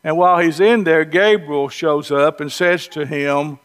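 A man's voice: a little high, fairly even intonation, measured pace, few pauses, fairly bright tone, clean tone. A man with a Southern US accent preaching a sermon in a folksy, conversational storytelling way with humorous asides. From Southern US, North Georgia or North Alabama.

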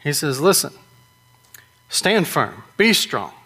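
A man preaching a sermon in a conversational way, often asking "right?" and slowing down to stress key points. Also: a little high, big pitch swings, bright, forceful tone, breathy edge. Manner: conversational, with frequent rhetorical "right?".

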